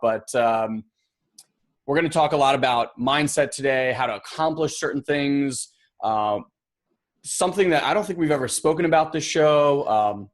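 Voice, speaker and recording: A man's voice: medium pitch, no echo. A man hosts his own podcast with easy, upbeat chatter and frequent laughter. His voice sits in a middle register. The sound is close and dry, with no room around it. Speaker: podcast host. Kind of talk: casual interview chat.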